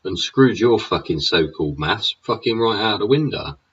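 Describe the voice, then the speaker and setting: Brief: low-voiced bloke, husky, sweary rant, dull lo-fi sound. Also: male voice, expressive, moderate pace, a bit bright. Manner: swears constantly, rhetorical tags like "innit" and "yeah". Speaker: show host. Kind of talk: profane ranting monologue. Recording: dull lo-fi recording.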